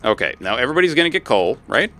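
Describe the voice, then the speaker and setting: A male game streamer talks casually as he plays, his voice lively and swinging up and down in pitch. His tone is bright and forward, and he swears freely and gets worked up easily. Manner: profane, excitable, quick to swear and laugh. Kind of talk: casual gaming stream chat.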